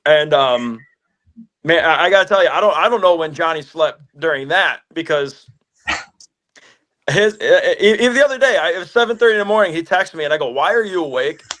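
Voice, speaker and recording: A musician in a casual interview, telling stories with lively acted-out phone calls. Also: male voice, fairly high pitch, a little fast. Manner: animated storyteller, acts out phone calls.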